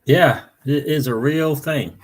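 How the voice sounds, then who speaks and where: A man with a husky, slightly grainy voice hosts a casual livestream, chatting straight to his viewers. He greets people by name as they arrive and repeats his own phrases in an easygoing, conversational flow. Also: on the high side, slow pace. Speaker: crypto channel host.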